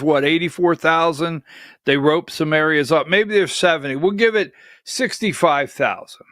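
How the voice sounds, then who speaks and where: A man's voice: fairly high pitch, a bit bright, dry recording, clean studio sound. A man hosting a political livestream, talking bluntly and skeptically in rambling asides. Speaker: political talk show host. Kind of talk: opinionated livestream commentary.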